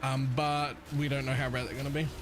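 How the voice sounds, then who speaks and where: A man's voice: mid-range voice, flat delivery, a little fast, noisy background. A man with a partly Australian accent, chatting casually as a live streamer, rambling, laughing often and swearing.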